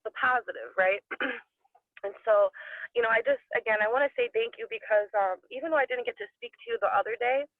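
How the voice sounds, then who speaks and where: A woman calling in to a group call, thanking the group in a warm way. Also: a little high, a little fast, no echo. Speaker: caller. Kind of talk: grateful sharing on a group call. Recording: phone-line sound.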